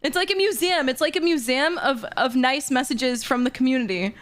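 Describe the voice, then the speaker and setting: A high-pitched young woman in her twenties chats casually to her live-stream audience. Her talk is excitable and gushing. She giggles often as she goes along. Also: brisk. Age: 20s.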